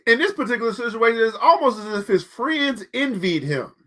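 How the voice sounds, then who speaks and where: A man's voice: extremely high pitch, expressive, fairly quick, pushed and bright. A man hosting a show, giving motivational commentary between book readings, preachy and repeating key phrases for emphasis. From United States. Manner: colloquial, addresses listeners directly. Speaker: show host.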